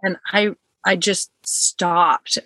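Bright-voiced woman telling a heartfelt story. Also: lowish voice, level tone, drawn-out words, no room sound. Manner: earnest, heartfelt, acts out quotes. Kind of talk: personal storytelling, casual chat.

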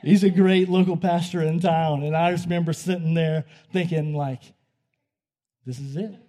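A man preaching a sermon, telling a story in a conversational way that moves between hushed, quiet passages and loud, excited ones. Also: on the high side, normal speed.

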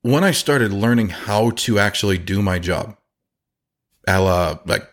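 A man's voice: fairly low pitch, a little slow. A man who runs a chimney sweep company, talking casually on a podcast and acting out the people in his stories. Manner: animated storyteller, acts out quotes.

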